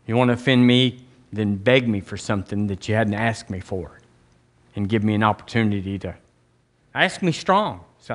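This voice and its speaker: A man's voice: lowish voice, animated, moderate pace. A man preaching a blunt, emphatic sermon as pastor, drawing the congregation into call-and-response.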